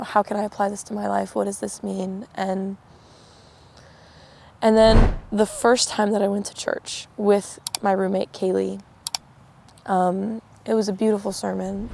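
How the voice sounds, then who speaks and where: Young woman telling her faith story, says like a lot, kinda gravelly and pretty monotone. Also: medium pitch, a little hiss or hum. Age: young adult. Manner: chatty, peppered with "like", acts out quoted exchanges. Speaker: interviewee sharing testimony. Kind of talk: personal testimony, casual storytelling.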